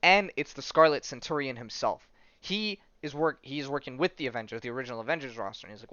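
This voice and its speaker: A man's voice: mid-range voice, quick pace, bright, forceful tone, dry recording. A man hosting a podcast, casually retelling comic stories, rambling with many fillers and restarts and the odd swear word. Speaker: podcast host. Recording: dull lo-fi sound.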